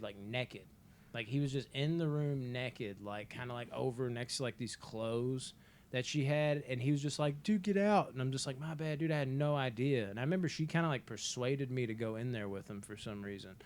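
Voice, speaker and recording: A man's voice: medium pitch, a little mellow, a little hiss or hum. A man in his twenties, a podcast co-host telling a long story in a casual, rambling way, full of filler words and swearing.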